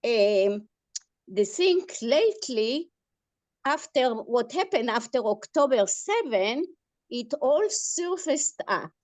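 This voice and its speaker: Slow, earnest older woman. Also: on the high side, big pitch swings, a little mellow, no echo. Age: 70s. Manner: earnest, emphatic, halting restarts. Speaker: discussion participant. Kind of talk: impassioned group discussion.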